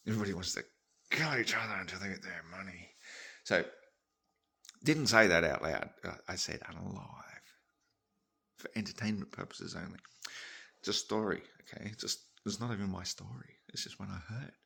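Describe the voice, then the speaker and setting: A man's voice: deep voice, vocal fry, bright, forceful tone, breathy edge. A man, rambling and swearing as he tells a long joke story. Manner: rambling, swears, laughs at own tangents.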